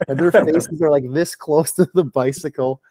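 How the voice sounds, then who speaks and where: A man's voice: a little high, fairly even intonation, normal speed, mellow, dry recording. A man on a podcast as a guest, a performance director, telling a long casual story full of "like". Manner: chatty, lots of filler "like".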